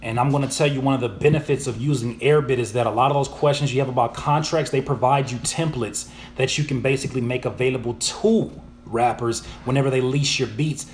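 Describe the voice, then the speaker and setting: A man hosting a casual live Q&A, reading viewers' questions aloud and answering in an animated, slangy way. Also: mid-range voice, a little hiss or hum. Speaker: YouTuber and music producer answering viewer questions.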